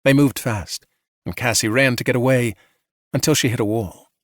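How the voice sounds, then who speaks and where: A man narrating a bedtime sci-fi audiobook in a soft, measured, soothing way, with a mid-range voice. The recording is dry and close on a studio mic. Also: medium pitch, dry recording.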